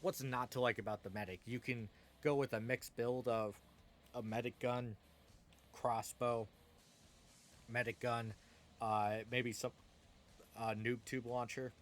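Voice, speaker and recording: A man's voice: mid-range voice, fairly even intonation, measured pace, pauses often, a bit bright. A man hosting a gaming video, giving a casual, conversational tier-list commentary into a desk microphone, with frequent fillers. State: hiccuping.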